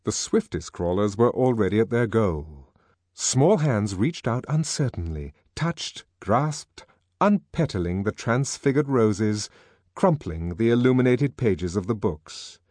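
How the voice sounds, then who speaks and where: A man reading an audiobook as narrator, in measured, expressive scripted storytelling. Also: on the low side, no echo.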